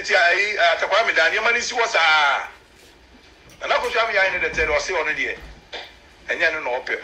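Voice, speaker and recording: A man with a Ghanaian accent, a chief's spokesman, explaining customs in an animated, emphatic way to a local news camera. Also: sits high, a little hiss or hum, poor audio.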